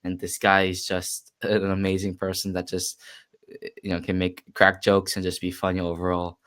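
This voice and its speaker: A man's voice: deep voice, monotone, normal speed, fairly bright tone. A teenage man hosting a casual podcast interview, chatty and full of fillers, talking with a voice he says he has lost. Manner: chatty, filler-heavy, upbeat welcomes. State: lost his voice. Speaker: podcast host.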